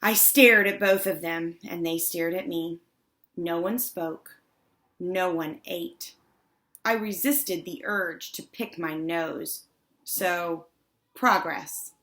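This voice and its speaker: A woman reading first-person audiobook narration with wry, deadpan asides. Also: lowish voice, slow.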